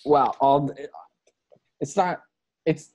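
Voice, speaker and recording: A man's voice: a little high, takes it slowly, a little mellow, husky, poor audio. A young American man co-hosting a casual podcast, bantering in a dry, defensive way. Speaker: podcast co-host. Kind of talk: casual chat.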